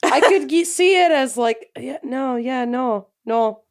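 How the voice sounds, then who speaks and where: Slow, musing woman on a chat podcast. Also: high voice, animated. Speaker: podcast co-host. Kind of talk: casual chat.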